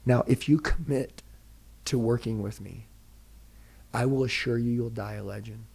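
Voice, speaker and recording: A man with a husky voice and a darker, mellow tone pushes a motivational pitch. He is direct and preachy and fires off one rhetorical question after another. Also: fairly even intonation, moderate pace. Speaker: sales trainer, podcast guest.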